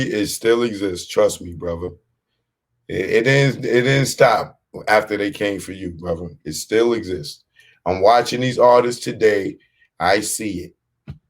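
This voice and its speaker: A man hosting a show, giving blunt, streetwise commentary on a clip he has just played. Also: on the low side. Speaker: podcast host.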